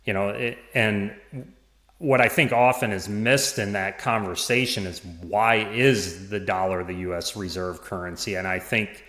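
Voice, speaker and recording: A man talking as a podcast guest, in a halting way with many restarts and small laughs. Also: fairly low pitch, fairly even intonation, fairly bright tone. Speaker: podcast guest, former parish administrator. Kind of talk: casual conversation. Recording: roomy echo.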